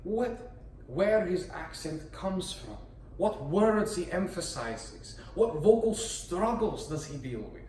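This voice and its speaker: Explaining how voice work is done, a male voice performer speaks slowly in a high-set, sing-song voice with a darkish tone that swoops widely as he plays up each point. Theatrical and teasing, he keeps pitching rhetorical questions at listeners. He sounds a little distant in an echoey room with slight background noise.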